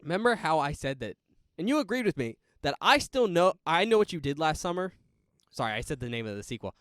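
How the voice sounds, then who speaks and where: A man co-hosting a casual podcast about a horror film, talking in a chatty, animated way and laughing often. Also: a little high, quick pace, no echo, studio quality. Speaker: podcast co-host. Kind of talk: casual movie chat.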